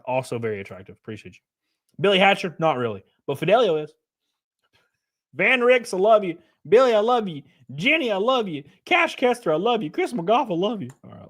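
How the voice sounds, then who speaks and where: A man's voice: sits high, fairly bright tone. A man streaming live, chatting casually and crudely, joking around and thanking chat members by name.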